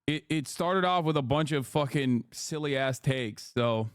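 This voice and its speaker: A man's voice: mid-range voice, unhurried, clear, resonant tone, no echo, studio quality. A man live-streaming, ranting at his chat in a profane, combative way. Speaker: live streamer reacting to a clip. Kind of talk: heated casual stream rant.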